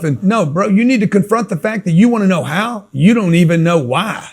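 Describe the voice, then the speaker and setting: A man's voice: high-pitched, expressive, fairly quick, hardly any pauses, a little mellow. A man giving a blunt, emphatic motivational talk in a street-style coaching manner. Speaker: motivational speaker.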